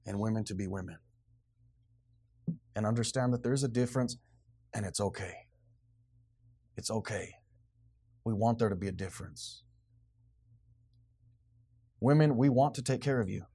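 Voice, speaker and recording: A man's voice: mid-range voice, moderate pace, pauses often, breathy edge. A man, preaching a blunt, emphatic sermon as pastor. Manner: blunt, emphatic preaching, grows loud and animated.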